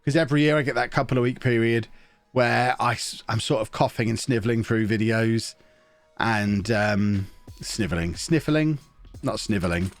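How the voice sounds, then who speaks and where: A man's voice: mid-range voice, steady tone, moderate pace, dry recording, soft background music. A man with a sniffly, stuffed-up nose, chatting casually and rambling through a live stream while he plays a management game.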